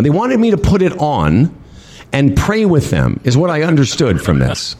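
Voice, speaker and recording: A man casually telling a story among friends, animated and laughing, acting out what others said. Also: medium pitch, moderate pace. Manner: animated, laughing storyteller with lively voiced quotes. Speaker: podcast co-host telling a travel story.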